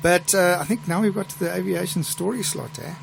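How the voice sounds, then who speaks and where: A middle-aged man with a South African accent, a pilot who hosts a live show and tells stories in a chatty, relaxed way. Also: high-pitched, a little fast, creaky, background noise. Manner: chatty, relaxed storyteller with restarts. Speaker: airline pilot and show host. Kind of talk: live show chat and anecdote telling.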